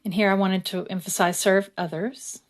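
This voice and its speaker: A woman narrates her own creative project in an easy, chatty way. Her voice sits in a middle pitch and stays relaxed. Now and then she slows down to read a short passage aloud. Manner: relaxed, chatty, reads verses aloud slowly. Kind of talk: casual craft tutorial narration.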